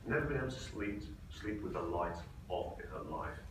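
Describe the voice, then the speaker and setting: A man's voice: low-pitched, animated, moderate pace. Male conference speaker, storytelling, very echoey hall with noise behind, mic distant. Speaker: presenter. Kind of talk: conference talk with anecdotes.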